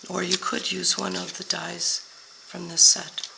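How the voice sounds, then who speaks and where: Slow, gravelly older woman demonstrating crafts. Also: on the low side, monotone, noisy background. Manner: slow, step-by-step explaining while working. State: hoarse, voice going out. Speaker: papercraft demonstrator. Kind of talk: card-making tutorial.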